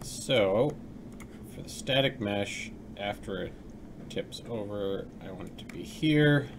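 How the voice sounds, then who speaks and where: A man's voice: fairly low pitch, slow pace, background noise. A man streaming his game development work live, chatting casually with viewers and laughing often.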